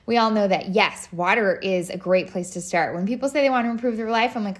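A woman's voice: medium pitch, fairly quick, few pauses. A woman in her thirties hosting a podcast, chatting casually with lots of fillers and restarts. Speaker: podcast host. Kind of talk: casual solo podcast talk.

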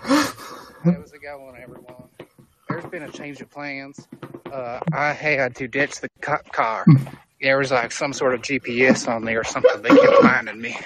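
A man's voice: medium pitch, lively intonation, a little slow, crowd noise, poor audio. A man doing a swaggering redneck survivalist vlogger. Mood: boastful. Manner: rambling, swaggering, profane. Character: crude boastful male redneck survivalist vlogger. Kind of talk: comedic impression video.

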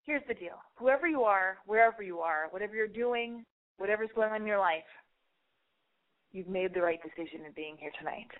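A woman hosting a call-in advice podcast, talking fast and frantic, swearing freely and mocking herself. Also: mid-range voice. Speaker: podcast host. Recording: tinny phone-like sound.

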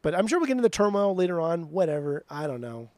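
Very animated and fast, this man's slightly mellow voice comes through with no echo as he co-hosts a music podcast. He swears a lot, fakes outrage while disputing album rankings, and imitates his co-host in a higher pitch during the heated but casual conversation.

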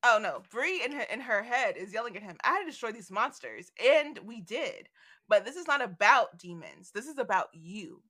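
Lively bright-voiced woman podcaster. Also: fairly high pitch, normal speed. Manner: animated, retells scenes with dramatic voices. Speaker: podcast co-host. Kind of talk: casual book discussion.

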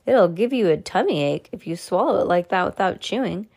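A woman reading a storybook aloud, voicing a fat, excitable male shopkeeper who turns shrill and booming with excitement. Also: fairly quick. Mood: pleasant. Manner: booming and excitable when thrilled.

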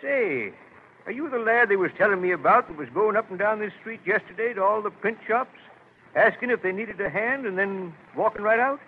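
Man playing a high-voiced folksy print shop foreman, new england drawl, chatty, tinny old radio with hiss. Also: brisk, natural voice. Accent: New England rural. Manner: chatty, folksy, good-humored. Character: folksy middle-aged male New Hampshire print foreman. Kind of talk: 1940s radio acting.

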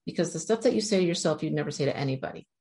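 A woman with a low, deep-set voice speaks straight to her viewers in an earnest, encouraging motivational talk. She addresses them directly and keeps urging them on. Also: expressive, racing, warm tone. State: near tears at moments. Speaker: self-help speaker.

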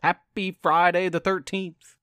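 Playful, encouraging male podcast host; high, animated, slow delivery. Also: smooth, dry recording, studio quality. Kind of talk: scripted storytelling narration.

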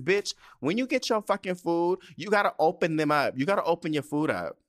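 A man hosting a solo podcast, telling a heated, profane story about fast food with exasperated asides. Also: a little high, expressive. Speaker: podcast host. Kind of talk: casual solo podcast rant.

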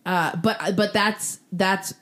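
A woman's voice: mid-range voice, a bit bright. A tired woman co-hosting a casual podcast, talking in a rambling, hesitant way. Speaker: podcast co-host.

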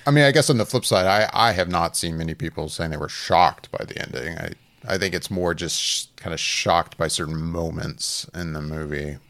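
A man co-hosting a podcast in casual chat, talking in halting bursts with lots of fillers and restarts. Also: deep voice, a bit bright, no echo. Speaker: podcast co-host.

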